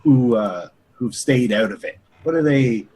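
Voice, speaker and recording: A man playing a tabletop role-playing game, describing his character's moves in a halting, deadpan way. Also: mid-range voice, a little hiss or hum, low-quality recording. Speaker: player.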